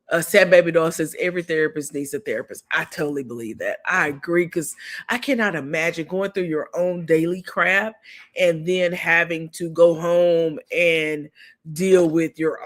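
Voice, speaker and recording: A woman reviewing a reality TV episode in a casual recap, talking loosely with frequent fillers and restarts. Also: deep voice.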